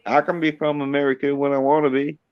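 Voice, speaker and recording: A man's voice: fairly high pitch, little pitch movement, fast talker, smooth, highs cut off. An Englishman with a Yorkshire accent chatting casually as a channel host, laid-back, swearing freely and repeating "yeah, yeah". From England. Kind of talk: casual chat on a stream.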